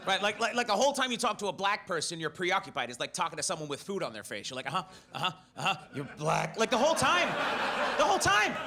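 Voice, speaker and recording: A man with a British accent doing a stand-up comedy set, animated and profane, breaking into shouted inner voices. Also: high voice, fast. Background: audience laughter.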